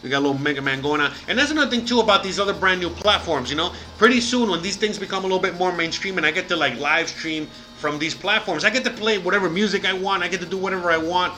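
A man from Miami hosts a loose live stream and talks in a rambling way, packed with fillers and the odd curse. He reads viewers' names aloud and thanks them. His voice is fairly high and forceful, with a sharp, bright edge. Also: fast, hardly any pauses, soft background music, rough recording. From Miami, United States. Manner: rambling and chatty, full of fillers and casual swearing. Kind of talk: casual live-stream chat.

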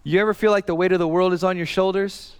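A man's voice: high voice, steady tone, fast, clean tone. A man in his thirties preaching a sermon in an earnest, conversational way, full of casual fillers and restarts. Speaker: pastor. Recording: reverberant hall.

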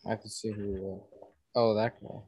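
A man co-hosting a casual movie-review podcast over an online call, dry and contrarian in a deadpan way. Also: on the low side, a little fast, breathy edge, dry recording. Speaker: podcast co-host.

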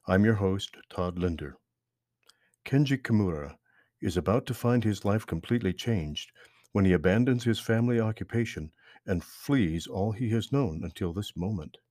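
Husky-voiced man narrating a story. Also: on the low side, no room sound, clean studio sound. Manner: calm, measured reading. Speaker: podcast host and narrator.

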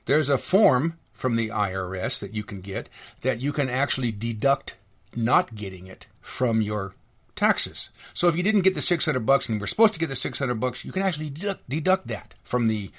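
A middle-aged American man delivers a solo podcast monologue. He talks in an indignant, rambling rant, full of restarts and sarcasm. His voice sits at an ordinary middle pitch for a man. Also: animated, normal speed, a bit bright, husky. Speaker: podcast host.

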